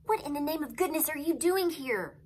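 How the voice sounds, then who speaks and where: A woman's voice: mid-range voice, lively intonation, normal speed, sharp tone, husky, exaggerated voice. A woman reading a novel aloud, voicing a scolding older brother who is a frontier volunteer. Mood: exasperated. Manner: exasperated and scolding.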